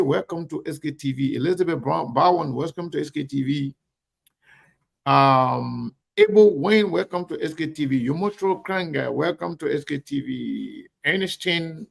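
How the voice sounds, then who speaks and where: Gravelly man hosting a show. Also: on the high side. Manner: emphatic, repetitive, speaks directly to viewers. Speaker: online talk show host. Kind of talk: live show shout-outs and commentary.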